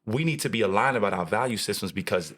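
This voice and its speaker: Animated, jokey man co-hosting a podcast. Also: on the low side, fast. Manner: animated, jokey, preacher-like emphasis. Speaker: podcast co-host. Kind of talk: casual chat.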